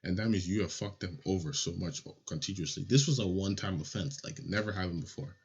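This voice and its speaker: A young man from Nigeria telling a childhood story in a casual, animated, profane way. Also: deep voice, quick pace, breathy edge. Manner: animated, swears a lot, acts out voices. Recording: lo-fi audio.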